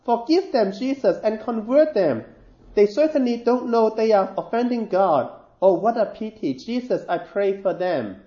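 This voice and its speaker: A man's voice: high-pitched, lively intonation, moderate pace, mellow, voice pushed up. A man voicing an earnest little girl. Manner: pleading, earnest. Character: devout little peasant girl, earnest and tender. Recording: roomy, dull sound.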